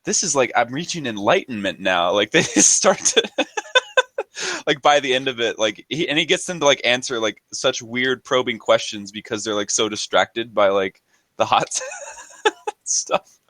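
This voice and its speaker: Lively man laughing on a dry call. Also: mid-range voice, a little slow, dry recording. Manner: animated, laughs often, acts out quotes. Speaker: friend in a group video call. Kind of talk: casual chat.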